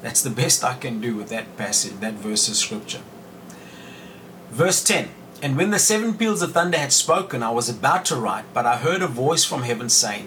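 A man's voice: medium pitch, a bit bright, a little hiss or hum. Man teaching scripture from a distant mic. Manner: measured, reads verses aloud then explains them. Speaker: podcast host teaching scripture. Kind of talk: bible teaching podcast.

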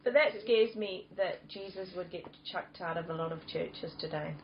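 Emphatic lower-voiced woman reading scripture. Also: moderate pace. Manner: reads scripture aloud with emphatic punch, laughs often. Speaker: Christian podcast co-host. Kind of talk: casual Bible discussion with scripture reading. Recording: dull lo-fi sound with faint hiss.

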